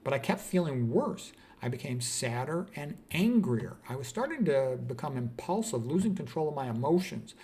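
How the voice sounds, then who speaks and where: A middle-aged man, a psychiatrist, telling his own story in a mid-pitched voice. He speaks earnestly and reflectively, restarting phrases as he goes. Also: big pitch swings, moderate pace, hardly any pauses, a little mellow. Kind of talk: personal storytelling.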